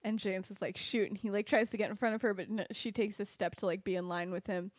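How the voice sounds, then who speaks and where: A woman's voice: mid-range voice, fairly even intonation, fast talker, no room sound, clean studio sound. A young woman casually retelling a fan-fiction story on a podcast, chatty, with lots of "like" and "um" and laughter. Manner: chatty, many "like" and "um", laughs at her own story.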